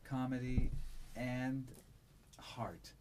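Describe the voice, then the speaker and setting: A man who narrates audiobooks, answering interview questions in a relaxed, thoughtful way with a resonant voice and frequent fillers. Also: medium pitch, very slow, background noise. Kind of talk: conversational interview.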